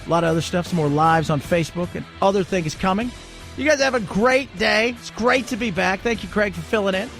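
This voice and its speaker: High, gravelly-voiced male talk radio host. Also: brisk, faint music behind. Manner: chatty, joking, animated. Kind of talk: casual opinionated talk radio.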